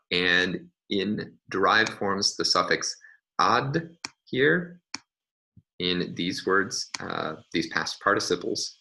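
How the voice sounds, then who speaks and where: Male lecturer, very low voice, lively intonation, hesitant fillers while reasoning. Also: vocal fry, slight background noise, low-quality recording. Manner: thinks aloud with frequent uh and um. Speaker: linguistics lecturer. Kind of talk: recorded lecture.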